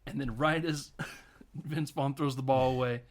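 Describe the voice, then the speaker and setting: A man's voice: medium pitch, fairly even intonation, a little slow. A man hosting a podcast, loosely retelling a comedy film with profanity, frequent laughter and acted-out quotes. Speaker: podcast host. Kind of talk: casual film recap chat.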